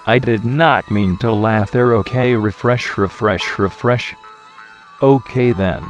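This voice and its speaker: A man's voice: medium pitch, slow pace, muffled recording, faint music behind, natural voice. A man voicing a bumbling, giggly male terrorist leader parody in a silly put-on voice. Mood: pompous. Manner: silly put-on voice, keeps breaking into laughter.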